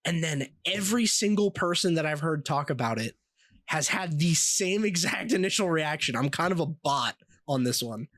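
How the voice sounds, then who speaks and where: A man hosting a casual podcast with a slightly high voice, telling stories in an animated way. He laughs often and swears freely. His voice sounds close and dry. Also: normal speed, no room sound. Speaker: podcast host.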